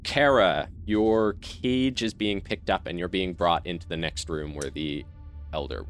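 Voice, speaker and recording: A man with a fairly low voice narrates a tabletop game as its game master. He talks loosely and thinks aloud, with plenty of fillers. Faint music plays underneath. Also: a little slow.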